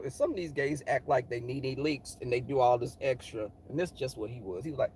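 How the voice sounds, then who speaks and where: A man's voice: a little fast, hardly any pauses, breathy edge. A middle-aged man telling a story casually and animatedly, sassy and profane. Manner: animated, sassy, profane, jumps into high voices for quotes.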